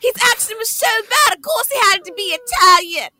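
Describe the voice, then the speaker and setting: Brash woman improviser, very high, very bright voice. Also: expressive, brisk. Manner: loud, laughing, brash. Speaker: improv performer. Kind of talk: improv comedy scene.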